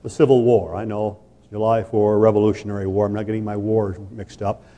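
A man preaching a sermon, telling a story slowly and dramatically, then building to sudden loud peaks as he presses his point. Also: on the low side, flat delivery, muffled recording. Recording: long reverb of a large hall.

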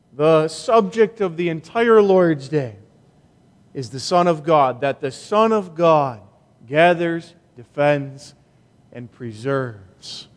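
A male pastor preaching a sermon in a slow, emphatic way with long pauses, in a church sanctuary. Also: fairly high pitch, big-room sound.

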